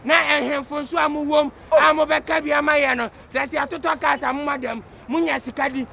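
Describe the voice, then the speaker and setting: An actor playing a male end-time street evangelist, shouting call-and-response preaching outdoors. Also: very high voice, flat delivery, quick pace, vocal fry, heavily acted. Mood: fervent. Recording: outdoor street crowd noise.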